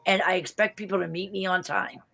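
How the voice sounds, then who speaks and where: Boston lady on a video call, bright punchy voice, animated, swears a lot. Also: lowish voice, brisk, creaky, poor audio. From Boston area, US. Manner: animated storyteller, blunt and profane, laughs often. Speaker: interview guest. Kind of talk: casual chat.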